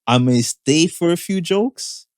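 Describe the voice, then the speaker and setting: A man's voice: on the high side, animated, unhurried, no echo. A man co-hosting a podcast in casual chat, laid back, often repeating words as he starts, in a dry room. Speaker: podcast co-host.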